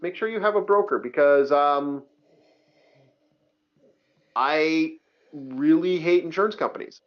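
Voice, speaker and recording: A man co-hosting a podcast, ranting angrily in casual chat, swearing and restarting his sentences often. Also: fairly high pitch. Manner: profane, heated ranting with many restarts. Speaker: podcast co-host. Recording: dull lo-fi audio.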